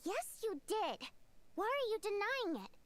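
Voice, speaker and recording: A woman's voice: extremely high pitch, a little slow, faint music behind, exaggerated voice. An actress voicing a bubbly, chatty young woman in a video game. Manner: chatty, teasing, excitable.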